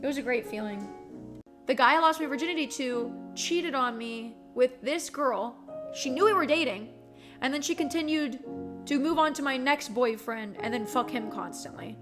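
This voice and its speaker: A young woman streamer telling a story in a casual, animated and profane way, full of "like". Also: sits high, normal speed, over music.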